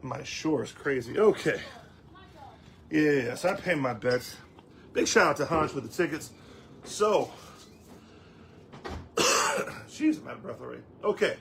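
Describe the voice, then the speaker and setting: A man's voice: medium pitch, expressive, normal speed, gravelly, fairly bright tone, slight background noise. A man hosting a casual sports talk show, rambling along with lots of ums and restarts. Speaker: host.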